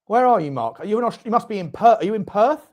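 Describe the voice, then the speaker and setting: Fast and animated, a high-voiced man hosts a live football watchalong as a fan. He chats with viewers, reads their comments out, and between moments erupts in shouts at the referee and at chances.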